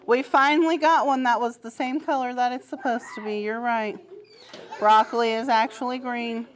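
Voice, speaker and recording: A woman teaching preschoolers in a classroom, encouraging them with frequent praise and gentle teasing. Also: fairly high pitch, fairly even intonation, moderate pace, slight background noise. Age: adult. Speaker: pre-K teacher. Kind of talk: classroom instruction to small children.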